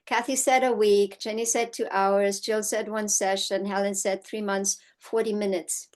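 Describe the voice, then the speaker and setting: A middle-aged woman teaching an online horsemanship course in a casual, storytelling way, often checking in with "right?" and acting out quotes in lively voices. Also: mid-range voice, moderate pace. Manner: chatty storytelling, frequent "right?" tag questions; acts out quotes in animated voices. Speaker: horsemanship instructor.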